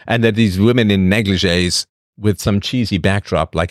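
A man's voice: lowish voice, steady tone, moderate pace, dry recording, clean studio sound. A man hosting a show, talking casually in a rambling monologue and answering the chat. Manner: rambling, with acted voices and asides.

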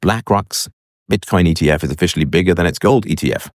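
A man's voice: low-pitched, quick pace, no room sound, clean studio sound. A man casually commenting on online videos, musing aloud with frequent fillers.

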